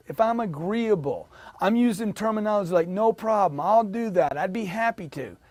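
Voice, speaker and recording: Energetic male sales coach, slightly high-pitched, punchy repetition, dry recording. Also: no echo. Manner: energetic, emphatic, drills audience with repetition. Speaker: sales trainer. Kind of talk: motivational sales training talk.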